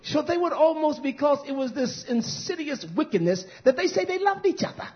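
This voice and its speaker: Male preacher with a high voice, fiery and scolding, muffled lo-fi sound. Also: lively intonation, brisk. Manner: fiery, scolding, swings between shouted and hushed lines. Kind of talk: fiery sermon. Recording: dull lo-fi recording.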